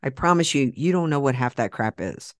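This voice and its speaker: A man's voice: medium pitch, expressive, brisk, no room sound. A man from Oklahoma with an Oklahoma accent, hosting a podcast in a blunt, folksy, rambling way. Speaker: podcast host. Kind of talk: casual chat with a guest, then a sponsor plug.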